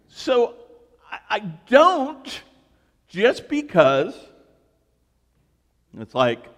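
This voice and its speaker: High, lively preaching man. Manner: animated, joking storytelling. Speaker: pastor. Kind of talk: sermon. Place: church sanctuary. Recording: reverberant church hall.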